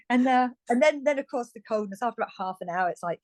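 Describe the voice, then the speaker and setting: A woman's voice: fairly high pitch, no echo. A British woman in her fifties, a guest telling her story in a frank, chatty way, often restarting and laughing lightly. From United Kingdom. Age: 50s. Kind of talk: candid conversational storytelling.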